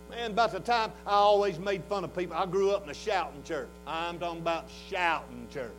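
A man in his sixties with a Southern US accent, preaching a fervent revival sermon in a folksy way that swings from hushed talk to shouting. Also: high voice, brisk, hardly any pauses, rough recording. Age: 60s.

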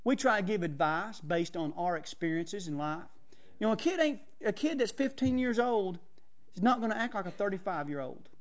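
A man's voice: high voice, expressive, normal speed. A man preaching in a folksy, chatty storytelling way, acting out quotes and laughing often. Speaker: preacher teaching on counsel.

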